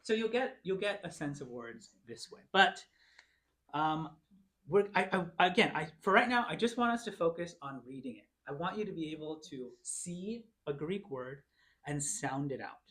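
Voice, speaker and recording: Picture a man at the front of a church classroom, walking students through unfamiliar words syllable by syllable. His pitch swings widely and he praises each try. The pace is patient and clear. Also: lively intonation, sharp tone. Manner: encouraging, sounds out words slowly. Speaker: Bible class teacher. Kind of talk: classroom teaching.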